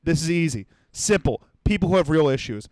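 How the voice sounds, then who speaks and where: A young man on his comedy podcast goes off in a sarcastic, profanity-laced rant, mocking people with quick impressions. His voice sits a little high for a man. The sound is dry and close to the mic, with no room around it. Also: expressive, darkish tone, no echo.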